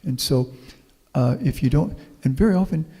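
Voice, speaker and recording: In a meeting hall with long reverb, a middle-aged man from Houston gives a public talk as a guest professor, telling folksy stories and fielding questions from the audience. He has a warm, husky mid-range voice with lively intonation at a normal speed.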